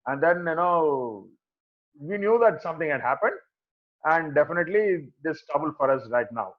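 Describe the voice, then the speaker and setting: Animated Telugu-accented Indian man storyteller. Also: a little high, normal speed, phone-quality sound. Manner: animated, acts out the voices of people he quotes. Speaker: devotee sharing memories at a satsang. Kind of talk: storytelling talk.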